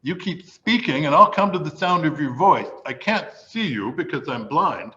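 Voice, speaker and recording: A kind, calm blind woman calls out an offer of help, as a man quotes her in a slightly raised voice. The sound is a touch dull and lo-fi. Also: fairly high pitch, moderate pace, pitched above the performer's own voice. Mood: reassuring.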